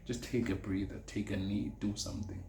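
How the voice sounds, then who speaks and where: A man's voice: fairly low pitch, flat delivery, a little fast, mellow, a little hiss or hum. A young South African man hosting a casual solo podcast. He talks earnestly, repeats his key phrases and drops Zulu words into his English. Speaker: podcast host. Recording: echoey room with faint ambience.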